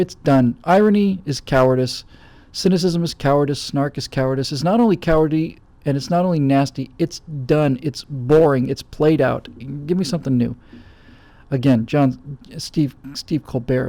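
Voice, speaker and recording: A middle-aged man hosts, trading in emphatic, blunt opinions and acting out the voices he quotes. His voice sits a little high for a man yet stays mellow, with a gravelly edge. The recording is close and dry. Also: no room sound. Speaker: host. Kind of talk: opinionated commentary answering viewer questions.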